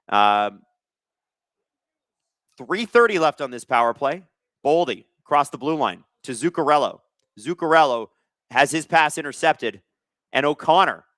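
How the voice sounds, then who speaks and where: A man hosting a live hockey watch-along, reading viewer chat aloud and calling plays with excitable energy. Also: mid-range voice, no room sound, studio quality.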